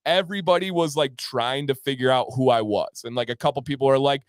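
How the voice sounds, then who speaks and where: Upbeat male livestream host, smooth voice. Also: medium pitch, fast, few pauses, no room sound, studio quality. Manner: enthusiastic, reads out viewer names. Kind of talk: casual livestream chat.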